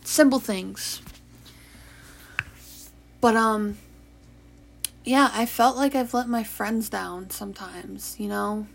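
A tired young woman hosting a late-night confessional podcast, talking softly and haltingly, with sighs, yawns and whispered stretches. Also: mid-range voice, creaky, slight background noise. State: sleepy. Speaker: podcast host.

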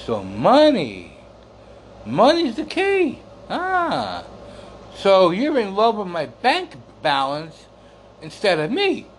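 A man's voice: sits high, huge pitch swings, slow, slight background noise. A man ranting about a long-distance relationship in a rambling, exasperated way, swearing and repeating himself, with a cough now and then. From United States. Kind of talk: casual storytelling rant.

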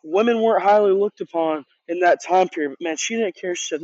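Man, youth leader, high voice, casual earnest sermon, dull dry recording. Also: fairly quick, darkish tone, dry recording. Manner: earnest and conversational, with many restarts and repeated words.

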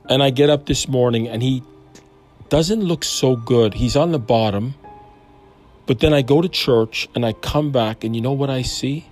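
A man's voice: mid-range voice, moderate pace, a little mellow, soft background music. A man in his fifties telling a personal faith story in an earnest, rambling, self-questioning way. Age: 50s. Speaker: Christian storyteller. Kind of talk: personal testimony monologue.

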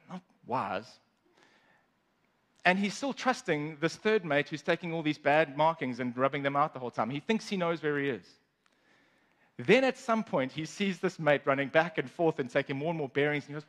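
A man's voice: on the high side, expressive, normal speed, fairly bright tone. A man casually telling a story, chatty, with asides to his listeners.

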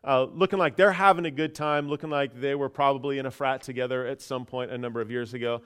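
A pastor telling a personal story in a casual, chatty sermon, with many fillers and restarts. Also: male voice, medium pitch, fairly even intonation, quick pace, a bit bright, clear, resonant tone.

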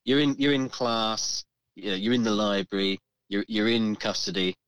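A man co-hosting a podcast, telling a story in a casual, animated way and acting out the voices of the people in it. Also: lowish voice, normal speed, clear, resonant tone, no echo, highs cut off. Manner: animated, swearing, acts out the voices in his story. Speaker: podcast co-host.

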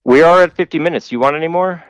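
A man's voice: fairly high pitch, fast talker, clean tone, dry recording, low-quality recording. A man hosting a podcast, telling a long story in a rambling, profane way full of fillers. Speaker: podcast host telling stories. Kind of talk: casual storytelling.

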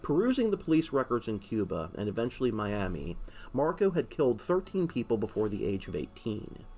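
A man narrating an audiobook in a steady storytelling manner. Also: mid-range voice, fairly quick, faint music behind.

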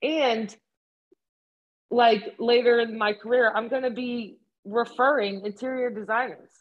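Swearing, animated young woman chatting. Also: on the high side, measured pace, muffled recording. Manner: animated, swears often, storytelling. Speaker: podcast co-host. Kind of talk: casual chat.

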